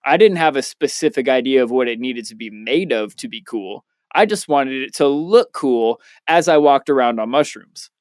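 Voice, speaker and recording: A young man co-hosting a podcast in casual chat, telling stories loosely and excitedly with plenty of swearing. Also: mid-range voice, normal speed, hardly any pauses, smooth, no room sound, clean studio sound. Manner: loose, profane, excitable storyteller. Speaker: podcast co-host, DJ.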